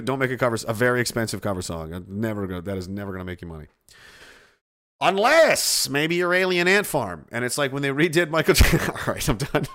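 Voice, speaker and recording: A man's voice: medium pitch, a bit bright. A man, streaming and reading chat aloud in casual, sarcastic, profane rambling. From Canada.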